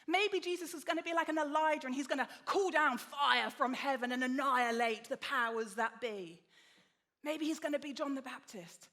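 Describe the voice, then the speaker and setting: A woman preaching a sermon with lively storytelling, acting out the people she quotes. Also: high voice, moderate pace. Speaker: guest preacher.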